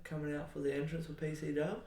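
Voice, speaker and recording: Easygoing host in an echoey room. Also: male voice, on the high side, little pitch movement, fast, a little mellow. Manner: easygoing, short encouraging replies. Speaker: podcast host. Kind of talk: casual chat.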